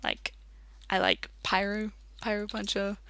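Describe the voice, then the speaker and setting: An Australian let's play commentator rambling casually while gaming, chatty and quick to laugh. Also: mid-range voice, flat delivery, creaky, noisy background.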